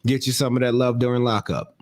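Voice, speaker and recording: A man co-hosting a casual comedy podcast, joking around in relaxed colloquial slang. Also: medium pitch, a little fast. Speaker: podcast co-host.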